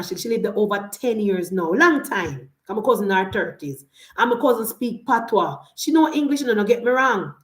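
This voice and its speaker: A woman's voice: mid-range voice, reverberant. A woman in her thirties with a Jamaican accent, giving a heated political rant and slipping between patois and standard English. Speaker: political commentator.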